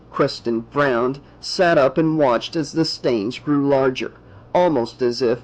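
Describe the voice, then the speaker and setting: A man narrating an audiobook in a measured, steady reading voice. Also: medium pitch, rough recording.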